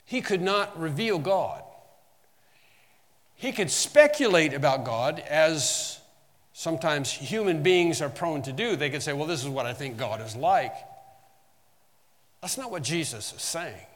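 A pastor giving an earnest teaching sermon. He slows down to stress key phrases and drops lower and quieter for asides. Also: expressive. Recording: long hall reverb.

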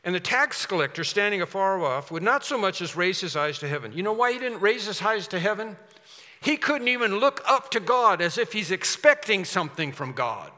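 A man's voice: sits high, sing-song, fairly quick, sharp tone. A man preaching a sermon with emphatic delivery, putting rhetorical questions to his congregation. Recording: long reverb of a large hall.

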